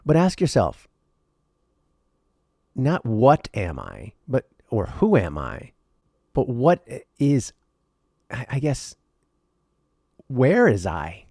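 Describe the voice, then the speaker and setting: A male podcast host talking alone, earnest and rambling, with a lot of repeated words, going from intense to quiet and emotional. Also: medium pitch, wildly swooping pitch, slow, long pauses, no room sound, clean studio sound. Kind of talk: reflective solo podcast monologue.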